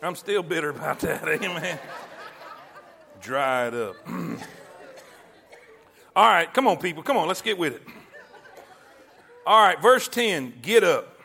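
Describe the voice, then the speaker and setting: A middle-aged man preaching a sermon in a folksy call-and-response way, with loud bursts when he quotes God. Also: a little high, expressive, unhurried, gravelly, long pauses, a faint crowd. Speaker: pastor. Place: church sanctuary.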